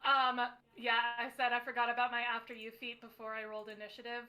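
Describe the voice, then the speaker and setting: Bright, hesitant woman player. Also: on the high side, little pitch movement, quick pace. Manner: hesitant, lots of ums. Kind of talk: casual chat at a tabletop game.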